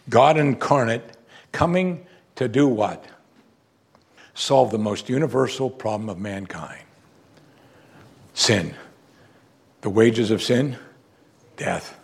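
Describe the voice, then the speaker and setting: A middle-aged male pastor preaching a sermon, animated and preacherly, swinging between loud emphasis and low, quiet lines. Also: vocal fry, slightly rough.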